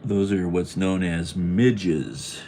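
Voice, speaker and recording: Low, slow-talking man cooking. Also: fairly even intonation, warm tone, a little hiss or hum. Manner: rambling, chuckling to himself. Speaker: vlogger. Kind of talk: casual cooking vlog. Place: home kitchen.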